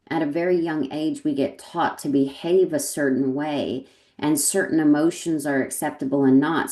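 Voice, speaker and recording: A woman's voice: deep voice, dark tone. A woman talking as a guest in a thoughtful, reflective way, laughing often and trailing off mid-sentence. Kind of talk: reflective conversation. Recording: roomy echo.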